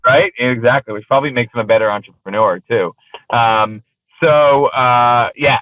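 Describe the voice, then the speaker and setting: A man's voice: mid-range voice, normal speed, dry recording. A man, a guest on an interview show, telling casual business anecdotes in a rambling way, full of fillers and restarts. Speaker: interview guest, exotic car rental business owner. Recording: tinny phone line, dry.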